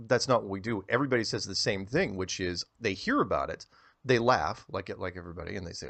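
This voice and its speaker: Rambling and animated, this interview guest speaks fast in a low voice while telling a long story. He tends to repeat words at the start of sentences.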